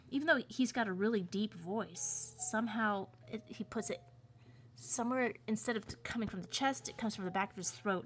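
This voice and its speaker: A woman's voice: medium pitch, vocal fry, fairly bright tone. An American woman, a cartoonist and voice actor, chatting casually and rambling on her livestream with playful asides. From United States.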